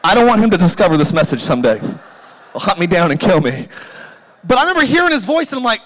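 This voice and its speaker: Pastor, male, 40s, very high voice, playful storyteller, recorded with long hall reverb in a big church. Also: a little fast. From Southern California. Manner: animated, jokey, acts out quoted voices. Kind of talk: sermon with humorous storytelling.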